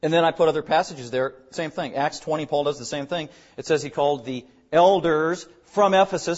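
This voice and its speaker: A man's voice: on the high side, brisk, few pauses, dull audio. A man preaching as the pastor of his church, explaining terms with emphatic repetition. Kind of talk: sermon.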